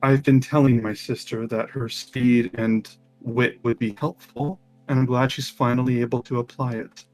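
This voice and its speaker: A man voicing a calm, dry sister who speaks in a low, measured way. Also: no room sound, soft background music, lightly acted.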